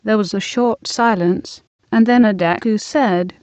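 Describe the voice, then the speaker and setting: A woman narrating an audiobook in a slow, measured reading. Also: medium pitch, a little mellow, no room sound. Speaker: audiobook reader. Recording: dull dry lo-fi recording.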